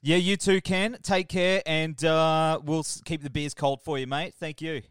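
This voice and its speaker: An Australian man hosts a radio chat, friendly and joking, with "mate" in nearly every turn. His voice is smooth and resonant. The sound is dry and close. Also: fairly high pitch, level tone, measured pace, fairly bright tone, no room sound. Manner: friendly and jokey, says "mate" often, laughs a lot. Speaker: radio host. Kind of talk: casual radio interview.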